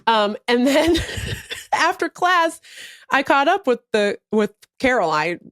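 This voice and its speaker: A woman co-host tells a story in casual, profane chat, her somewhat high voice rising and falling with lively swings. The sound is close and dry, with no room around it. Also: slow, no room sound. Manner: animated, profane, acts out other people's lines. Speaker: podcast co-host.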